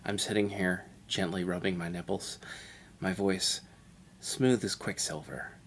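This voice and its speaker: A man's voice: low voice, fairly even intonation, a little slow, slight background noise. A man giving a parody audio commentary over a video, pompous, self-satisfied and absurd. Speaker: mock film commentator.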